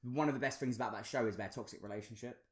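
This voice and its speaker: Easygoing man, halting casual chat. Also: mid-range voice, reverberant. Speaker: podcast co-host.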